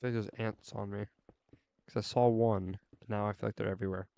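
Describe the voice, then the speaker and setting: A man's voice: on the low side, flat delivery, a little fast, gravelly, dark tone, highs cut off. A man streaming a game, chatting casually in a rambling, goofy, jokey way. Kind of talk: casual live-stream chat while playing.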